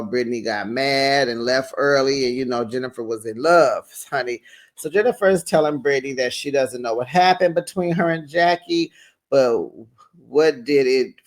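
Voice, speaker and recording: Sassy, chatty recap host with a medium-pitched voice, dishing on reality TV in a casual tone. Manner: animated and sassy, quotes cast members; colloquial, says "child" and "honey".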